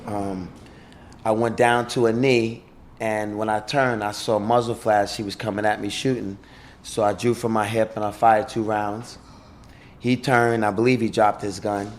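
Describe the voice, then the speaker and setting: Low-voiced New York man telling a story. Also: level tone, slight background noise. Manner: halting, with fillers and restarts, profane. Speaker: guest, former police officer. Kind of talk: conversational storytelling.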